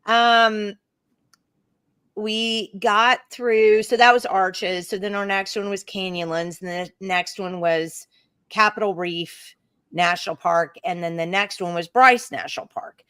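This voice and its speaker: A woman's voice: medium pitch, measured pace, clear, resonant tone, no room sound, studio quality. Chatty Oklahoma woman telling a story. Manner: animated storyteller, puts on voices for quoted people. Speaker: co-host. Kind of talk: casual chat, telling a travel story.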